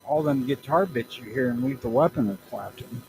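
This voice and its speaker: A man's voice: medium pitch, a little fast, darkish tone, a little hiss or hum, rough recording. A man co-hosting a podcast in casual chat, blunt and grumpy, swearing freely. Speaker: podcast co-host. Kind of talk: casual profane banter.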